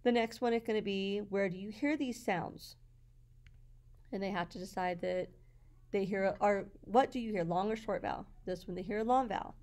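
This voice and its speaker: A woman teacher walking through her classroom slides in a patient, explanatory way, sounding out words slowly. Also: medium pitch, a little mellow.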